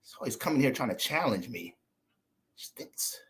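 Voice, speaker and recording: A man's voice: mid-range voice, normal speed. An American man, an astrologer, ranting in a casual livestream, joking, cursing and laughing as he goes. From United States. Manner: profane, joking, animated.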